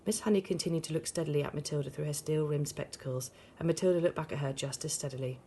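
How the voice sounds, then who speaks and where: A woman reading a children's novel aloud, steady and expressive. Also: low voice, fast talker, a little hiss or hum. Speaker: audiobook reader. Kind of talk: storybook read-aloud.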